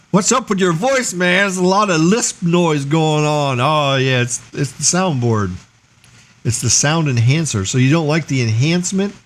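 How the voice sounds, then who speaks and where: A man hosting a casual tech livestream, explaining energetically and firing off rhetorical questions. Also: a little high. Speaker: livestream host.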